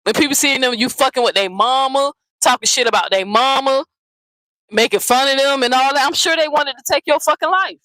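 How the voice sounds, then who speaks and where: A woman's voice: high voice, brisk, pushed and bright, dry recording, rough recording. A woman hosting a commentary channel, ranting bluntly and profanely, often repeating herself. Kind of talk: heated casual commentary rant.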